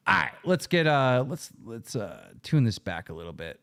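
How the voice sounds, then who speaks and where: A man's voice: mid-range voice, sing-song, moderate pace, creaky, a bit bright. A man hosting a live stream, reacting to clips in a heated, profane rant and often repeating himself.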